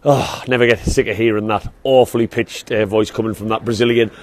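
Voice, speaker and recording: A man, vlogging in an excited, chatty way as he heads to a football match through city streets. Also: fairly low pitch, fairly quick, no echo. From England. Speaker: vlog host. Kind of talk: matchday vlog.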